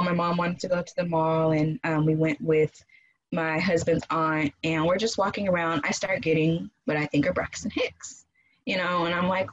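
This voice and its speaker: A woman casually telling a personal story in an animated way, acting out quoted voices and laughing often. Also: on the low side, moderate pace, dull audio, a little hiss or hum. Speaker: guest telling her birth story.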